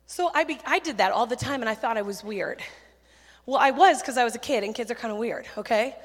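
A woman preaching to a church crowd, lively and chatty, dropping quick self-deprecating asides between stories. Her voice sits fairly high and carries a long hall reverb. She talks into a handheld mic. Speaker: children's ministry speaker. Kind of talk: sermon with storytelling.

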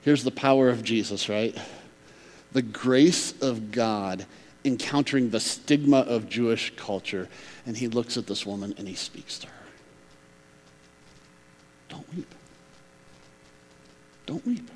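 A man preaching a sermon, swinging between emphatic loud stretches and hushed near-whispers. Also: mid-range voice, unhurried, big-room sound, slight background noise. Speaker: pastor.

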